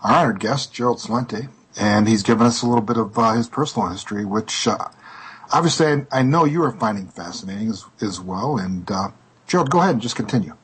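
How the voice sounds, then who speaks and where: Husky-voiced radio host. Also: male voice, lowish voice, lively intonation, low-quality recording. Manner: halting, filler-laden introductions. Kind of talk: radio talk show hosting.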